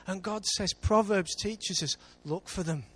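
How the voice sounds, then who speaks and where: A lively English preacher man. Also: high-pitched, a little slow, slightly rough. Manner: lively preaching with big swings in loudness. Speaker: pastor. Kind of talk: sermon. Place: church.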